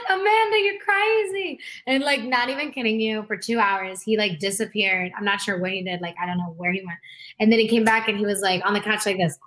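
Bright-voiced woman telling lively stories. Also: on the high side. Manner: animated storyteller, frequent "like", laughs a lot; acts out quoted voices. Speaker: guest singer. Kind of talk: casual interview chat.

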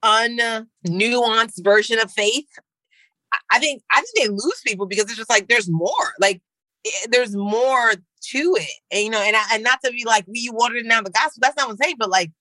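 Young woman from Nigeria, a guest with a bright, crisp voice, animated and slangy, laughing a lot. Dry, close sound. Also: normal speed, dry recording, low-quality recording. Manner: animated and slangy, laughing often, leaping up in pitch. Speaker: guest, comedian and actor. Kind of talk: casual interview chat.

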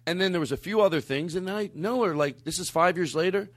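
A man's voice: sits high, fast talker, no echo. A man hosting a casual podcast chat, rambling and earnest, often restarting his sentences. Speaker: podcast host.

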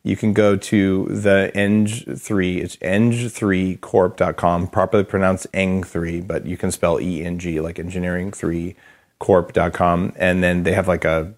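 A man's voice: deep voice, unhurried. A man hosting a podcast, talking casually with lots of "like" and "uh," keen on health gadgets. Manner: relaxed, filler-heavy, enthusiastic about gadgets. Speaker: podcast host. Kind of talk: casual interview and studio walkthrough.

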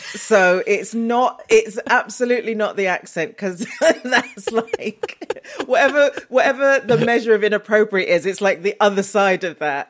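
A woman talking casually as a guest author and comedian, chatty, often laughing and restarting her sentences. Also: mid-range voice. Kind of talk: casual interview chat.

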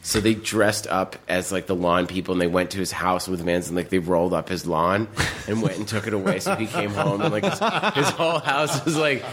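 A man's voice: sits low, brisk, fairly bright tone. Rambling man spinning casual anecdotes. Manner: rambling anecdotal storytelling with many fillers. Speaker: podcast co-host telling stories. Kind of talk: casual chat.

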